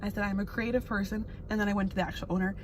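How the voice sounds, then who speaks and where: A woman in her twenties, a recent graduate, chatting candidly and excitably in a casual vlog, swearing casually as she talks to a phone camera in her parked car. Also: medium pitch, racing. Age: 20s. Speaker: vlogger. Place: parked car with the air conditioning running. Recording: phone audio with loud A C hum.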